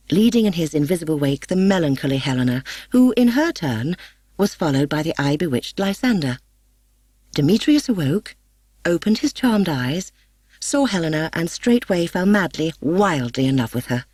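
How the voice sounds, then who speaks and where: A woman narrates a classic tale in a measured, expressive storybook manner. Her voice sits low for a woman, and the recording is dry and close with no room sound. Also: breathy edge, dry recording. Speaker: audiobook narrator.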